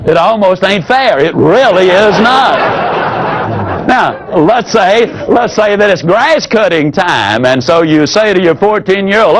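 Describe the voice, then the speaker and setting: A man teaching a sales training seminar in a folksy, demonstrative way. He drops his voice low whenever he acts out an example. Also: lively intonation, a little slow, a crowd in the background, rough recording.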